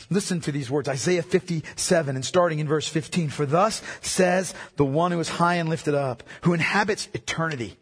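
A man with a high, husky voice preaches a sermon, hammering home key lines by repeating them. He stops to put questions straight to his listeners. His voice rings out through a large hall with a long, lingering reverb. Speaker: pastor.

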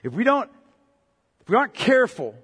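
A man preaching a sermon as pastor, impassioned, swinging between loud outbursts and low, quiet emphasis. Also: sing-song, a little fast, breathy edge. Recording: long hall reverb.

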